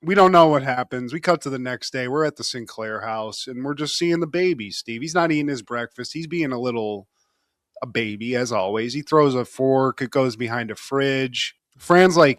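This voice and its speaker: A man's voice: on the high side, lively intonation, unhurried, a bit bright, no echo, clean studio sound. A man co-hosting a podcast, giving a casual, joking recap and often calling his co-host by name.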